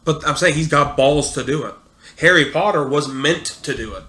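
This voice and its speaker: A man with a bright, forceful voice pitched a little high, arguing hard in casual chat. He is loud and profane, and he breaks into laughs often. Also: normal speed. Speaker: podcast co-host.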